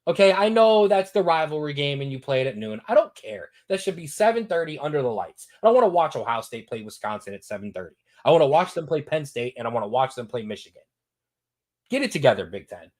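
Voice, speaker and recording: A man hosting a sports talk show, giving his betting picks in a lively, repetitive, hyped-up way. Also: a little high, quick pace. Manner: animated, repetitive, hypes picks.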